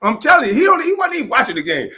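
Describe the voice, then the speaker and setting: Mocking high-voiced man ranting and laughing. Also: wildly swooping pitch, rapid-fire. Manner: mocking, laughing, loud, acts out quotes. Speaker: former basketball player giving commentary. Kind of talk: animated profane rant.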